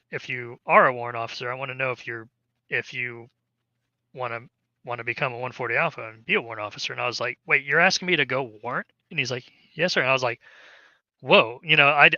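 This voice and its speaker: A man's voice: medium pitch, sharp tone, dry recording, highs cut off. A man, an army veteran, casually telling a long story in an interview, rambling with many fillers and restarts.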